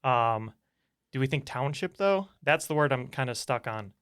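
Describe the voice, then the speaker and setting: A man's voice: mid-range voice, expressive, normal speed, fairly bright tone, clear, resonant tone. A man appearing as a guest on a trivia podcast in a studio, reasoning out answers with hedges. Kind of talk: casual chat.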